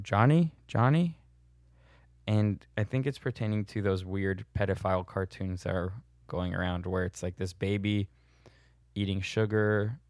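In a casual Q&A monologue recorded with studio quality and no room sound, a young man with a lowish voice fields viewer questions. He's blunt and sardonic, and he laughs at his own jokes.

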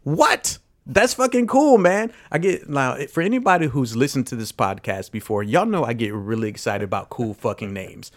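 Casting: male podcast host, casual, animated, loose and profane. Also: medium pitch, a little fast, hardly any pauses. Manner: excitable, swears often, laughs a lot. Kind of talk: casual movie podcast chat.

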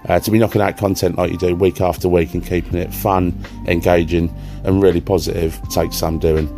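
A man's voice: low voice, level tone, brisk, warm tone, faint music behind. A man from Suffolk, giving an earnest, sincere recorded message of congratulations. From Suffolk, England.

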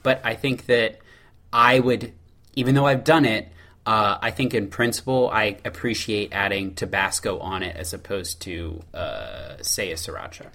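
A man's voice: fairly low pitch, moderate pace, gravelly, sharp tone. A man co-hosting a casual chat, building his point step by step and acting out scenarios. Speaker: podcast co-host.

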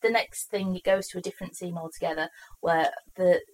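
Woman podcast co-host, low voice, chatty, animated storyteller. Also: brisk, a little hiss or hum, rough recording. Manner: animated, acts out characters' lines while retelling. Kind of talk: casual chat recapping a TV episode.

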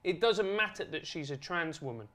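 A man talking as a podcast guest, earnest, building his points in steady repeated lists. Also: a little high, moderate pace. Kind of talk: conversational argument.

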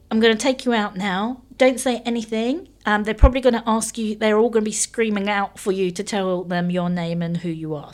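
A woman's voice: mid-range voice, darkish tone. A woman, animatedly telling a story in casual chat and laughing often.

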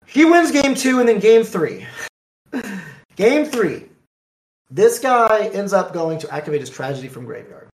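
A man telling a card tournament story in casual talk, animated, acting out the dialogue. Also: high voice, unhurried, long pauses. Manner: animated, acts out dialogue in quotes. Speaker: card game player. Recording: echoey room.

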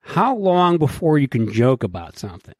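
A male podcast host in loose, profane banter, his pitch bouncing up and down as he acts out quotes. He sounds close and dry on a studio mic, with no room around him. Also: very animated, moderate pace, a little mellow, dry recording.

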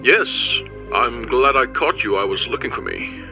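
A man game master voicing the calm, knowing double of an older professor, speaking over a phone with solemn warnings. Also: mid-range voice, normal speed, gravelly. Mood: ominous. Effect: voice heard over a telephone. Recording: dull lo-fi sound with music behind.

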